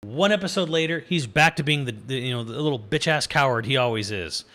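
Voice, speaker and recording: A man's voice: mid-range voice, animated, brisk, pushed and bright. A young adult man giving a casual, exasperated review, swearing freely and laughing as he rambles. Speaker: video reviewer. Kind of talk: casual rant.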